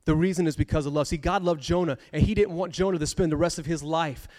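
A man preaching a sermon as a pastor, animated and conversational, repeating key phrases for emphasis. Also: fairly high pitch, fast.

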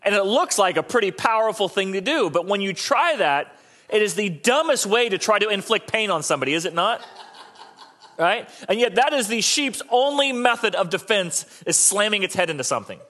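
Joking pastor with a fairly high voice. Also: male voice, animated, fairly quick, fairly bright tone. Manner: conversational and joking, often restarting his sentences. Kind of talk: sermon.

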